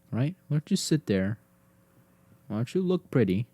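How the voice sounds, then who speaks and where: A man's voice: medium pitch, sing-song, moderate pace, long pauses, dark tone, no echo. A young man hosting a solo podcast, rambling and swearing as he teases his dog, often dropping to a whisper. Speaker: podcast host.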